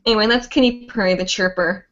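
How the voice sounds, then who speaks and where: Woman, livestream host, casual rambling chat, middle pitch, dull lo-fi sound. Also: quick pace, fairly bright tone. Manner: chatty, rambling, full of "like" and "um". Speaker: host of a live hooping show.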